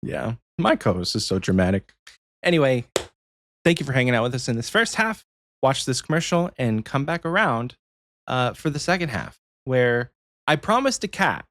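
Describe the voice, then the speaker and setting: A man hosting a casual podcast chat, animated and playful, teasing his co-host. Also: mid-range voice, normal speed, no room sound, clean studio sound.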